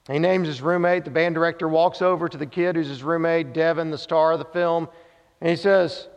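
A man's voice: fairly high pitch, fairly even intonation, fairly quick, clear, resonant tone. A male pastor preaching a sermon, telling a story and returning to short repeated refrains for emphasis. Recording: dull sound with long hall reverb.

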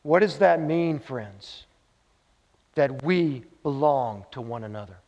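Preaching slowly and expressively, a male pastor with a medium-pitched, slightly mellow voice tells a story, punctuating it with short refrains he repeats for emphasis. Long hall reverb trails over the dull-sounding recording.

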